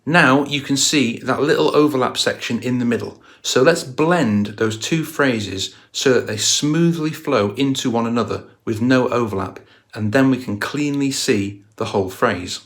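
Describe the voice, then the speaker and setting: A man's voice: mid-range voice, moderate pace, hardly any pauses, a bit bright. Man narrating a video explainer. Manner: storytelling, analytical walkthrough. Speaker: guitar channel host.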